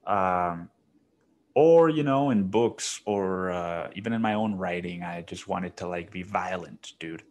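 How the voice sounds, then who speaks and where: A man's voice: low voice, a little slow. A young man hosting a solo podcast, rambling casually and with a lot of swearing, saying "dude" constantly. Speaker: podcast host.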